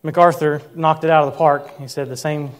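Man, 30s, pastor, sermon, earnest storytelling, slows for emphasis, fairly high voice. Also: fairly even intonation.

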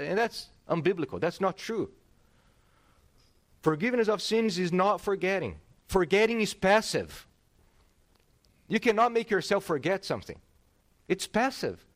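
Middle-aged guy pastor preaching, lively up-and-down voice, kinda high, stumbles and restarts a lot. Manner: animated, emphatic, with frequent restarts. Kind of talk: sermon.

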